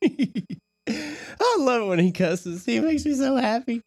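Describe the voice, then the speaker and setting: A man's voice: very high voice, lively intonation, slow pace, dry recording, clean studio sound. A man hosting a late-night radio show, rambling casually, swearing often and laughing between thoughts. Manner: profane, giggly, rambling.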